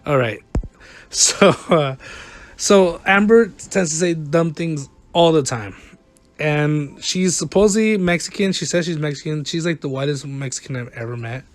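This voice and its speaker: Brief: gaming vlogger, man, a bit high, rambling and exasperated, dry close mic. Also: measured pace, dry recording. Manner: rambling, exasperated, self-mocking. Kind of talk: casual gameplay commentary. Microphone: close desk mic, no camera.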